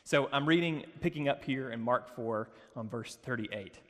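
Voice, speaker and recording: A man giving a sermon at a campus worship service, telling the story with playful asides and moving between hushed and emphatic delivery. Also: mid-range voice, moderate pace, in a large hall.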